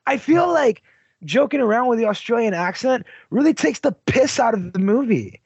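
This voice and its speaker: A man chatting about a film as podcast co-host, his voice high for a man and very lively in pitch. He talks bluntly, swearing freely and leaning on "like." The sound is slightly dull and lo-fi, with a husky edge. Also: normal speed, dry recording. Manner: blunt, profane, heavy use of "like". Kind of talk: casual movie discussion.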